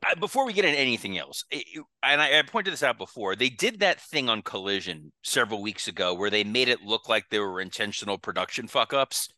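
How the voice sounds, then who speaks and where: A man's voice: lowish voice, sing-song, fairly quick, hardly any pauses, sharp tone, dry recording. A man hosting a podcast in casual chat, loose and swearing, often restarting his sentences. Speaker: podcast host.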